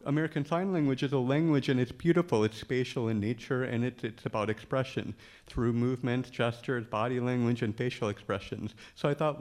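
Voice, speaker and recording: A man's voice: medium pitch, moderate pace, a faint crowd. A man telling a funny personal story, acting out the lines of the people in it and laughing often. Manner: humorous storyteller, acts out dialogue. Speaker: speaker telling his story. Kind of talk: storytelling talk.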